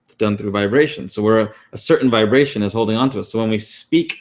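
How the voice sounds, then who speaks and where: Over an online class call, a lowish-voiced man talks fast as a co-host, keeping his teaching casual and peppered with fillers and restarts.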